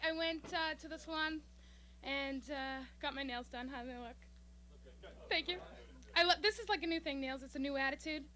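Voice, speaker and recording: A young woman doing a stand-up comedy set on a club stage, bubbly and excitable, tumbling over her words. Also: high-pitched, a little hiss or hum. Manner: bubbly, excitable, breathless delivery. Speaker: stand-up comic. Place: small comedy club stage, audience laughing.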